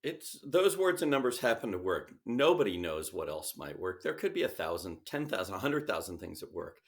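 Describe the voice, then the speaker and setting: A man speaking as an interview guest, emphatic and animated, often switching into quoted voices to make his point. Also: low voice, fairly quick. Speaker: sales expert guest. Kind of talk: conversational interview.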